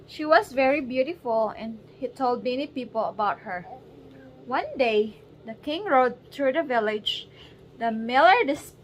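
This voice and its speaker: A woman's voice: sits high, slight background noise, poor audio. Mother reading a bedtime story. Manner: casual reading, distracted, coaxing a wriggling baby. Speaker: mother reading to her baby.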